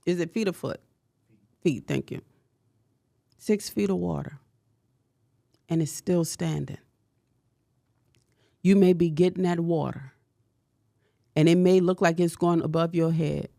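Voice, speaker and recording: A woman's voice: fairly low pitch, a little slow, creaky, pauses often, mellow, no room sound, clean studio sound. Impassioned preacher-like woman podcast host. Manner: preacher-like, repetitive and confessional. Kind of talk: impassioned motivational talk.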